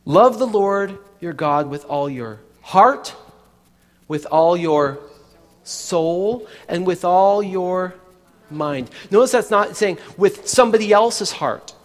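A man's voice: high voice, lively intonation, takes it slowly, big-room sound. A man preaching a sermon in a chatty way, with many restarts and asides to the congregation. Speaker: pastor.

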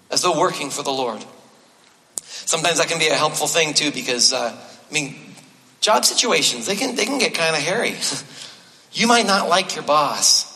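A male pastor delivers a sermon in a conversational style, slipping in light self-deprecating humor and repeating his main points for emphasis. His voice sits a little high and sounds bright and forceful. It rings out with the long reverb of a large church hall. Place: church sanctuary.

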